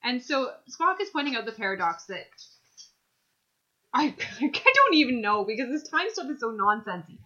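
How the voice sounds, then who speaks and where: A woman's voice: sing-song, normal speed, sharp tone, lo-fi sound. A woman co-hosting a casual podcast chat, retelling scenes playfully. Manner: playful, acts out quotes with big pitch swings. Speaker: podcast co-host.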